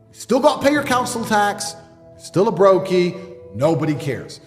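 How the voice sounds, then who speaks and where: Man in his thirties, blunt and lecturing, big swings in pitch, slightly high voice, long reverb tail with music bed underneath. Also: very animated, fairly quick. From England. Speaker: podcast guest. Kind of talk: motivational monologue.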